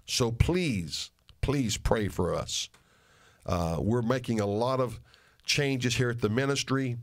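A man's voice: mid-range voice, takes it slowly. An older man, a pastor, making an earnest and emphatic appeal to his listeners, repeating phrases for stress. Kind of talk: radio sermon and ministry appeal.

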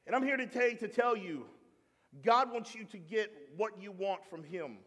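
A man pastor with a fairly high voice delivers a lively, humorous sermon. He keeps calling on the congregation to respond. The sound carries a long reverb from a large church hall. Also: brisk. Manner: humorous, animated preaching with call-and-response to the congregation. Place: church sanctuary.

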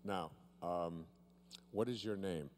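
A low-pitched man with a somewhat dark tone playfully teases a volunteer while running a demonstration for a live seminar audience, stretching out important words for emphasis. The volunteer holds the handheld microphone, and a bit of hiss or hum can be heard.

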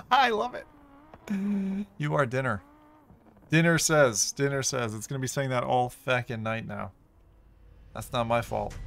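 A man streaming a VR racing game, talking casually, excitable and swearing freely. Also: mid-range voice, creaky. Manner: excitable, swearing, laughing a lot. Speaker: VR gaming streamer. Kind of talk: casual live-stream commentary.

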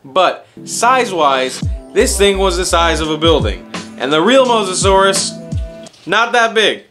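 A young man hosting an educational video with animated, jokey delivery and playful asides. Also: high voice, a little slow. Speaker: host. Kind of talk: upbeat educational YouTube talk. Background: music.

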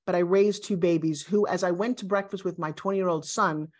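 A woman in her sixties, a guest, talking in an emphatic, animated and self-assured way in a motivational interview. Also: fairly low pitch, brisk. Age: 60s.

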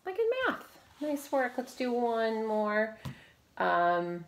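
A woman's voice: a little high, lively intonation, slow pace, echoey room. A woman teacher leading a recorded phonics lesson, giving patient, encouraging, step-by-step prompts.

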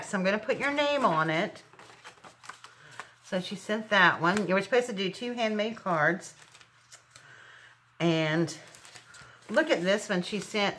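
A woman's voice: mid-range voice, sharp tone, a little hiss or hum. A middle-aged woman chatting casually as she unboxes craft gifts, gushing over each item. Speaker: crafting channel host.

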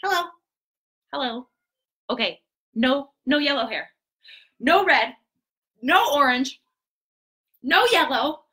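A woman entertaining preschoolers on a home live stream, swooping all over a high, bright voice. She talks in a sing-song way, with gasps and quick asides. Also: lively intonation. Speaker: children's entertainer host.

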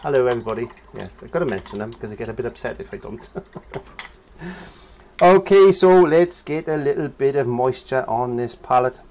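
A man's voice: mid-range voice, fast, hardly any pauses, darkish tone, slight background noise. A man giving a casual painting lesson, chatting as he works and humming nonsense syllables while he paints. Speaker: painting teacher.

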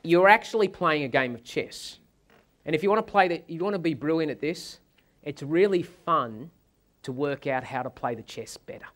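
A man giving a sales seminar, telling anecdotes in a dramatic, animated way. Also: a little high, normal speed. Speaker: sales trainer.

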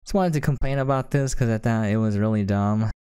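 A man's voice: lowish voice, brisk, mellow, clean tone, no echo, clean studio sound. A man giving a casual, sarcastic and exasperated rant as an anime reviewer.

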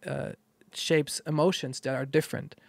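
A man from the Netherlands with a Dutch accent, a guest talking casually and haltingly, often restarting his sentences. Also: a little high, fairly even intonation, vocal fry. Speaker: guest musician. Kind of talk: casual conversation.

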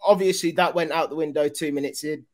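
A man's voice: a little high, fairly even intonation, quick pace. A man, chatting casually and a little self-deprecating as a podcast guest. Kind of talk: casual chat.

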